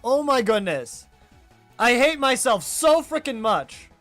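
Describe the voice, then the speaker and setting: A man talking viewers through a live gameplay stream, animated and quick to blame himself. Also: very high-pitched, soft background music. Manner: animated, self-critical, talks straight to viewers. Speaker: game streamer.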